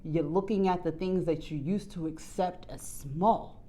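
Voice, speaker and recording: A woman doing a casual tarot reading to her viewers, candid and profane, jumping between quiet low asides and loud excited outbursts. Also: a little slow. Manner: candid, swears freely, bursts into laughs. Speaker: tarot reader.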